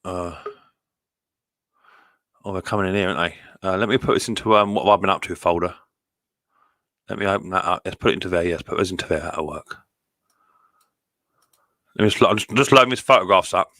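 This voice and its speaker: Streaming live from home, a middle-aged man greets his viewers and cheerfully chats, reading their comments aloud. He talks fast in a low yet bright, forceful voice, and the audio is dry and close with no room echo.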